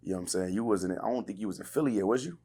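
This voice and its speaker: Gravelly low-voiced male podcast host. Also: racing. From California. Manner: laid-back street slang, animated impressions. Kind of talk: casual interview chat.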